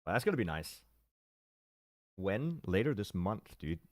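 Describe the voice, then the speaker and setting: Low-voiced streamer chatting casually. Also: male voice, big pitch swings, measured pace, a little mellow, no echo, studio quality. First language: Danish. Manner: chatty, answers chat readers, loose and joking. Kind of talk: casual live-stream chat.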